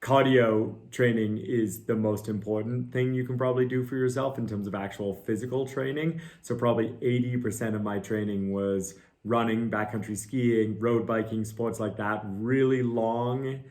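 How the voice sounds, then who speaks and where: A man's voice: mid-range voice, fairly even intonation, normal speed, hardly any pauses, a little mellow. A middle-aged man, a mountain guide, answering viewer questions in a casual, earnest way. He thinks aloud with fillers and pokes fun at himself.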